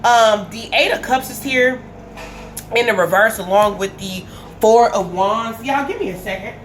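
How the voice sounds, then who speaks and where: A woman's voice: a little high, a little slow, a little hiss or hum. A woman giving a casual tarot reading to camera, emphatic and repetitive, restating her points as she thinks aloud. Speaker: tarot reader.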